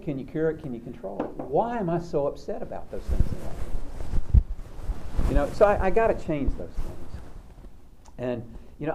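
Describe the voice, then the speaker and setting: A man's voice: mid-range voice, noisy background. Folksy man telling funny stories. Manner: folksy, self-mocking humor. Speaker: counselor. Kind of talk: storytelling talk on recovery.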